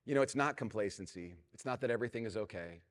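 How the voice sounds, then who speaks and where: A middle-aged man preaching a sermon as pastor, telling a self-mocking story and dropping to a hushed, prayerful tone. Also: lowish voice, fast. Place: large church hall. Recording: long reverb of a church hall.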